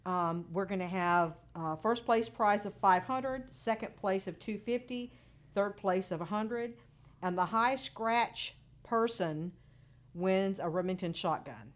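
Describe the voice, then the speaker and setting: A woman's voice: mid-range voice, slow. A woman guesting on a radio show, laying out event details in a businesslike, matter-of-fact manner. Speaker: guest, local party official. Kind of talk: informative announcement on radio.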